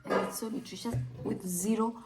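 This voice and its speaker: A woman's voice: fairly high pitch, fairly even intonation, brisk, very noisy. A young woman, chatting casually in a vlog as a mother, mixing English with Swahili and cooing at her toddlers. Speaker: parenting vlogger and mother.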